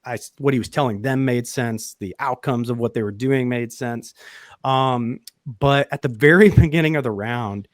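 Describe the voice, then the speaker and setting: A man hosting a podcast, telling a story in a loose, animated way, swearing freely and laughing mid-sentence. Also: medium pitch, normal speed, dry recording, clean studio sound. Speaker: podcast host. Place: podcast studio.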